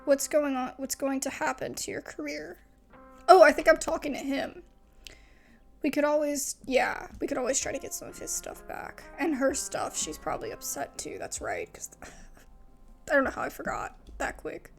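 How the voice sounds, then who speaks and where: A woman's voice: high voice, very animated, moderate pace, gravelly, soft background music. A young woman casually commenting on a story game as she plays, thinking aloud and often second-guessing herself. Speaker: gamer playing a story game.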